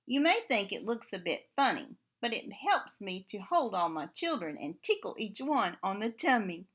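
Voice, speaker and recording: A woman's voice: medium pitch, sing-song, moderate pace, fairly bright tone, breathy edge. A woman voicing a motherly octopus in a children's picture book, playful and doting. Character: fond, motherly eight-armed octopus.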